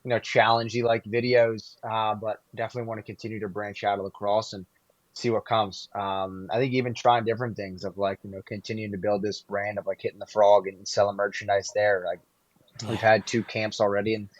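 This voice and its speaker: Young man, low and flat-toned, earnest guest, heard over dull, dry audio. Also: fairly quick, dry recording. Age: young adult. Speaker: guest, YouTuber. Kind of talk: casual podcast chat.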